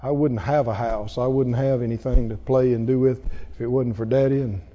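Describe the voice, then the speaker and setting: A man voicing a remorseful young son who quietly regrets refusing his father. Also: steady tone, fairly quick, lightly acted. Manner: low, murmuring, regretful. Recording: dull echoey hall recording.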